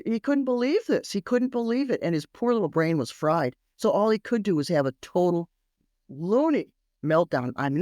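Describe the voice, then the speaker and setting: A middle-aged woman, a parenting expert, telling stories on a podcast in an animated, emphatic way that repeats phrases for effect. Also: fairly low pitch, no echo, studio quality. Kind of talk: storytelling podcast interview.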